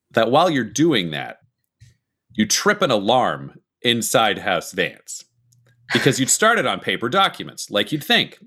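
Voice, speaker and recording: A man's voice: medium pitch, sharp tone. A man running a tabletop game as game master, explaining setting details at length and asking the players for their actions. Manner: detailed, explanatory lore talk.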